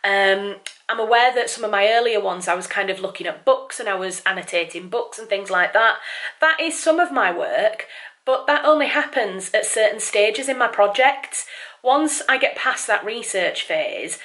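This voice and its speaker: A woman's voice: mid-range voice, moderate pace, fairly bright tone. A woman, a writer, chatting casually to camera in a vlog, rambling with lots of fillers and sounding a bit apologetic. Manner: apologetic and self-conscious toward viewers. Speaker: writer and vlogger.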